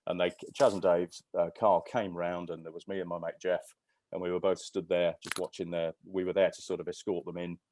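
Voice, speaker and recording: With a low, darkish voice that barely moves in pitch, a man in his fifties talks a little fast as a podcast guest. His anecdotes ramble casually, with frequent restarts and fillers.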